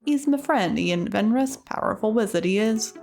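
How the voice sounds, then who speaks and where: A woman's voice: medium pitch, animated, normal speed, vocal fry, a little mellow, soft background music. A woman voicing a chatty old male cave hermit who rambles in folksy dialect grammar, reading his lines in a put-on accent. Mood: cheery rambling.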